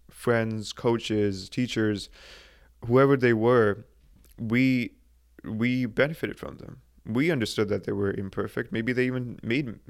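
This is a young man talking straight to his listeners in a solo motivational podcast. His voice sits on the low side, and he speaks earnestly. He restarts his phrases often and leans on filler words as he works through his thoughts. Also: gravelly. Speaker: podcast host.

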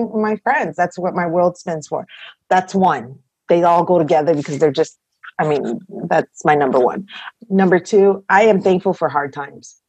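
A woman's voice: lowish voice, darkish tone, slightly rough, no echo. A young woman co-hosting a podcast in casual chat, speaking in an earnest, heartfelt way. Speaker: podcast co-host.

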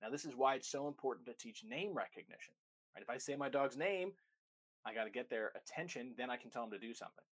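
A young man explains dog training straight to his viewers in an emphatic, driving way. His pitch sits in the middle of the male range, and he circles back to repeat phrases he wants to stick. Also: expressive, fast, a bit bright. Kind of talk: instructional talk to camera.

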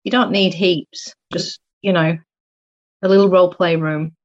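A woman's voice: lowish voice, steady tone, a little slow. A woman guest speaking earnestly and thinking aloud in a casual conversation. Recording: dull lo-fi audio.

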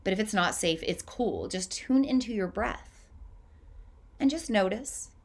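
A woman hosting a podcast, leading a guided breathing meditation in a slow, gentle, soothing way with long pauses. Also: mid-range voice, lively intonation.

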